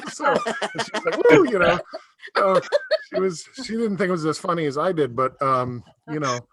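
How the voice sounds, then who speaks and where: A man's voice: high voice, expressive, normal speed, a bit bright, slight background noise. A middle-aged man doing a stand-up comedy set over a video call, telling rambling stories and laughing at his own jokes.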